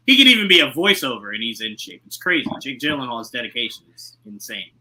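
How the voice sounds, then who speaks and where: Animated bright-voiced man chatting. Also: high voice, a little fast, few pauses. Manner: animated, teasing, emphatic. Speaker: podcast co-host. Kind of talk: casual chat.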